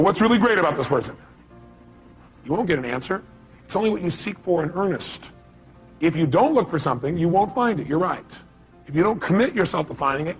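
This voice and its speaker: A man giving a motivational seminar talk who acts out scenes, swinging between loud emphatic bursts and low quiet asides. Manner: acts out scenes with sound effects and quoted voices. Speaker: motivational speaker.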